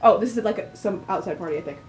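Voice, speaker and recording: A woman's voice: mid-range voice, fast talker, darkish tone, slight background noise. A woman hosting a let's play, reading a story game aloud and reacting in a gushing, exclamatory way.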